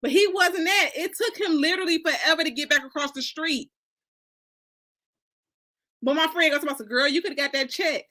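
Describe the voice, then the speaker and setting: High bright-voiced woman telling animated stories. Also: brisk, pauses often. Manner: animated storyteller acting out dialogue, laughing often. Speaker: panel host. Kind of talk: casual storytelling chat.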